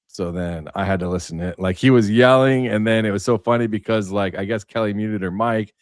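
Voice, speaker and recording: A man's voice: fairly low pitch, fairly quick, no room sound, clean studio sound. A man hosting a casual livestream, telling stories in a rambling way with many fillers. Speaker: livestream host.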